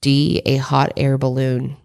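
A woman's voice: a bass voice, flat delivery, unhurried, creaky, a little mellow. A woman hosting a casual podcast quiz game, blunt and opinionated, laughing often. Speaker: podcast host and quizmaster.

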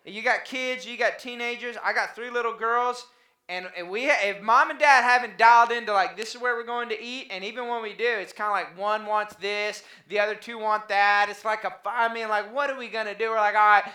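A man's voice: high-pitched, steady tone, a little fast, pushed and bright, roomy sound. A man, a father of young kids, preaching a conversational sermon as a pastor, mixing family stories with scripture. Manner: conversational, anecdotal preaching with dad jokes.

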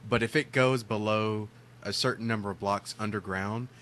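Male podcast co-host, lower voice, dry teasing humor. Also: fairly even intonation, normal speed, fairly bright tone, slight background noise. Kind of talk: casual chat.

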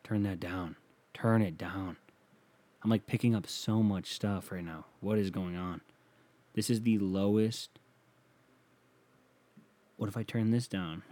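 A man's voice: lowish voice, steady tone, measured pace, pauses often, dark tone. A man hosting a casual solo podcast from a small home studio, talking crude and rambling and mocking himself, close on a sensitive mic. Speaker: podcast host.

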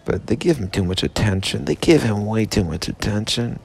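A man's voice: lowish voice, animated, normal speed, vocal fry, hardly any pauses, darkish tone. A man, intoxicated, delivering a rambling, profane comedic rant in a mock-serious tone.

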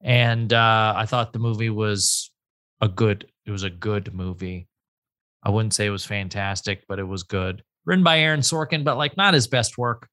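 A man's voice: on the low side, normal speed, bright, forceful tone. A man co-hosting a podcast in casual chat, offhand and chatty, giving loose opinions and swearing casually. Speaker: podcast co-host.

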